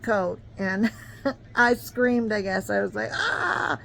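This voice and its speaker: A woman's voice: medium pitch, fairly even intonation, slow, creaky, a little hiss or hum, low-quality recording. A woman in her fifties telling a personal story in a rambling, conversational way, full of fillers and restarts. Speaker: vlogger.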